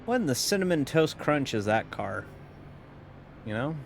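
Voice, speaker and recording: Animated, wry man streaming a sim race. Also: mid-range voice, normal speed, vocal fry, a little hiss or hum. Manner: rambling and wry, with casual swearing. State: tired, yawning. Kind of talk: casual live-stream commentary while racing.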